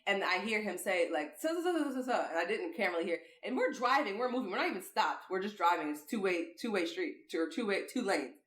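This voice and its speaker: A woman co-hosting a podcast, telling a story in casual, profane, animated chat. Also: mid-range voice, brisk, few pauses. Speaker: podcast co-host. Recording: echoey room.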